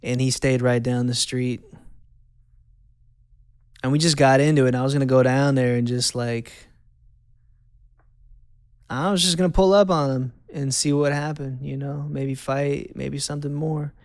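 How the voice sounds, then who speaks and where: Casting: man in his twenties, gravelly yet smooth voice, candid testimony, dry close sound. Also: mid-range voice, steady tone, normal speed, pauses often, no echo. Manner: candid, conversational, repeats phrases for emphasis. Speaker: host. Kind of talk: personal testimony.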